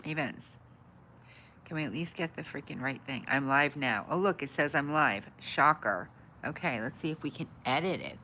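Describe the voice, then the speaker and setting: A woman's voice: creaky, a little hiss or hum. Frustrated woman livestreaming, grumbling. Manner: frustrated, grumbling at her tech; switches to bright, high greetings for viewers. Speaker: livestream host. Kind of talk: casual livestream chat.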